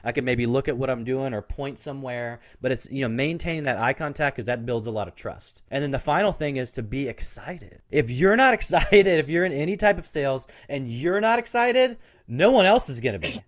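A man's voice: mid-range voice, lively intonation, a little fast, few pauses. A man who is a guest on an interview show, telling stories casually and with energy. He laughs often and says "like" and "you know" a lot.

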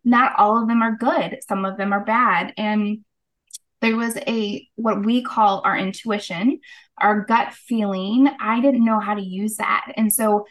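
A woman's voice: medium pitch, fairly even intonation, measured pace, low-quality recording. Middle-aged woman, casual interview guest, earnest storyteller, acts out quotes. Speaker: guest, holistic practitioner.

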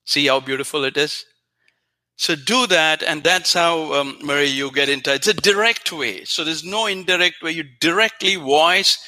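A man's voice: on the high side, bright, forceful tone. A man giving an earnest, repetitive spiritual talk to listeners. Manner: earnest, repetitive, emphatic teaching. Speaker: spiritual teacher.

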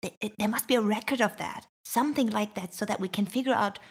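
Very husky woman tabletop player. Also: medium pitch, fast. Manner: stammers, thinks aloud.

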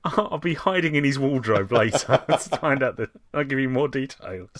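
A man's voice: medium pitch, animated, moderate pace. A man co-hosting a podcast, making wry, dry jokes in casual chat. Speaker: podcast co-host.

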